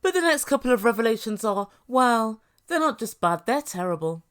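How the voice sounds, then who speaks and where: A woman's voice: on the high side, big pitch swings, normal speed, fairly bright tone. Sarcastic woman reviewing reality TV. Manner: sarcastic, mimics the people she quotes. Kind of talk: commentary.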